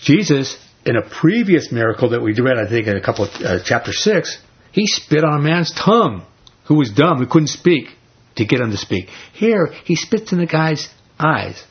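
Very husky man teaching a Bible study. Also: a little high, big pitch swings, normal speed, muffled recording. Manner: conversational, asks the group rhetorical questions; retells scripture in everyday speech.

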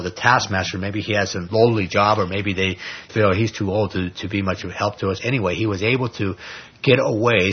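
Man, husky voice, low pitch, casual Bible study teaching, muffled lo-fi recording. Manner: conversational, speculative, animated retelling with filler words. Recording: dull lo-fi recording.

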